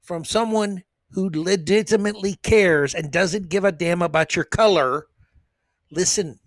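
A man hosting a solo commentary podcast in a sarcastic, blunt, rambling way. His voice sits fairly high for a man. The recording is dry, with no room sound. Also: no echo. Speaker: podcast host.

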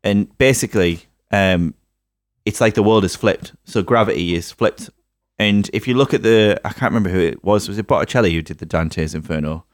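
A man, co-hosting a casual film review podcast and mocking the film with animated asides. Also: fairly low pitch, fairly quick, no room sound, clean studio sound. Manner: animated, mocking, swings into silly put-on voices. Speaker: podcast co-host.

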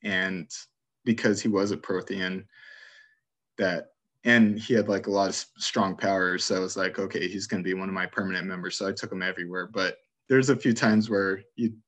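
A man's voice: low voice, steady tone, fairly quick, fairly bright tone. Laid-back man in casual game chat. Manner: rambling, laughs while retelling scenes.

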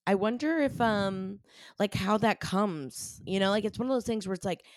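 A woman co-hosting a casual podcast, lively and joking, agreeing often with her partner. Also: mid-range voice, moderate pace, no room sound. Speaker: podcast co-host. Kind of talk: casual chat.

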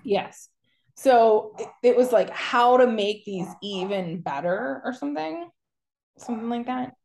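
A woman's voice: on the high side, a little slow, gravelly. A woman co-hosting a podcast, telling long rambling stories in casual chat and mimicking the people she describes. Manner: rambling, animated storytelling with mocking quotes. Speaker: podcast co-host.

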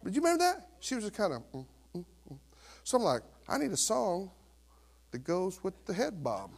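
A man in his fifties, serving as pastor, preaches in a high, gravelly voice at a brisk pace. His animated, conversational sermon is full of rhetorical questions.

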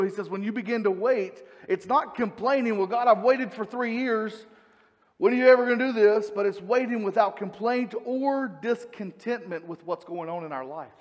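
A man with a high voice delivers a sermon with earnest, conversational warmth. He turns to the congregation with questions. His voice rings through a hall with a long reverb tail. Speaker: preacher.

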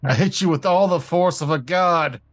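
A man's voice: on the high side, moderate pace. A man playing a tabletop game with a joking, laughing delivery. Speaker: player. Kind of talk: in-character play.

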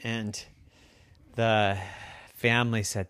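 Parent making up a bedtime story, playful and bouncy, sometimes goes soft, close dry sound. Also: mid-range voice, unhurried, dry recording. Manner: lively, playful, drops to a hush.

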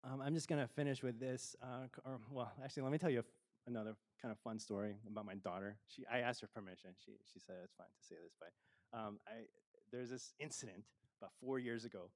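A man's voice: mid-range voice, fairly even intonation, fast. A middle-aged man preaching a sermon as a pastor, conversational and self-deprecating, with frequent fillers and laughs.

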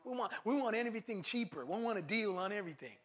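A man's voice: high-pitched, expressive, quick pace, fairly bright tone. A man preaching a sermon as pastor, emphatic, repeating phrases for stress and calling out to the congregation. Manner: calls to the congregation.

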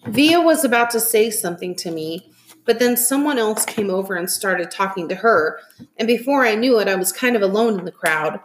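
A woman reads a novel aloud with lively, expressive delivery. Her pitch sits in the middle of the range. The recording has a roomy echo. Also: moderate pace, a little hiss or hum. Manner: expressive, animated reading. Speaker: reader. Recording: echoey room.

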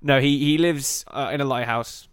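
A man's voice: mid-range voice, steady tone, normal speed, smooth, no echo, clean studio sound. A man co-hosting a casual comedy podcast, riffing and laughing as he goes and swearing freely. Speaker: podcast co-host.

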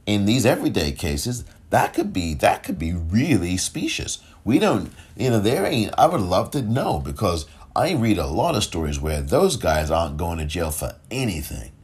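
A man's voice: low voice, big pitch swings, moderate pace, few pauses, slightly rough. A man hosting a solo podcast commentary, impassioned and rhetorical, repeating phrases for emphasis and rising into pointed questions. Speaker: podcast host.

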